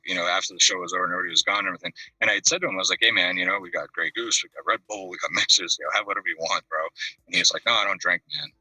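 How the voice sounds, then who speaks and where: A man's voice: low-pitched, pushed and bright, slightly rough, dry recording. A man calling in to a video chat show, telling a rambling story and acting out the voices of the people in it. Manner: rambling anecdotes, acts out the voices of the people in them. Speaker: caller. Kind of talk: casual storytelling. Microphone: video call. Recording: distant mic on a video call.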